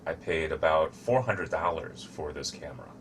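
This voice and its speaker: A man giving a slow, deliberate English grammar lesson, showing objects as he explains. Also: rumbling low, a little hiss or hum. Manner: shows objects to camera while explaining. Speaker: English teacher.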